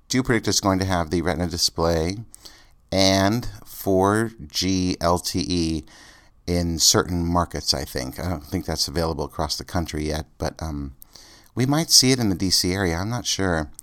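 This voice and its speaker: Man, deep low voice, solo podcast host, rambling, lots of fillers. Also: moderate pace, a bit bright. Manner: rambling, thinking aloud with many fillers.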